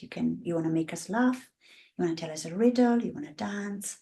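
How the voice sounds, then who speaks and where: Her voice is fairly low and warm, and she talks fairly quickly. She's an Italian woman in her fifties, a women's coach and interview guest, who speaks with passion in a casual setting and mimics the voices of the women she talks about.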